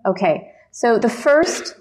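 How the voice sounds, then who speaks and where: A woman keynote speaker telling her personal faith story as lively storytelling, laughing often and giving earnest encouragement from a conference stage. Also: on the high side, slow pace. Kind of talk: personal testimony talk.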